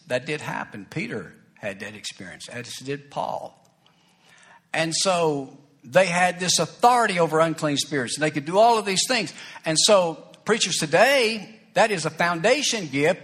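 A man's voice: a little high, a bit bright. A man preaching a sermon as pastor, telling a personal story in a folksy, conversational way with small asides. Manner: folksy, conversational, breaks into acted quotes and asides.

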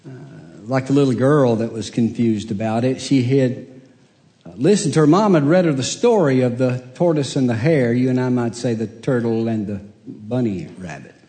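A man's voice: mid-range voice, normal speed, mellow. An older man, a pastor telling homespun jokes and family stories in a sermon. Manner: homespun joke-telling, chuckles at own punchlines. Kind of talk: sermon with folksy storytelling. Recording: long reverb of a church hall.

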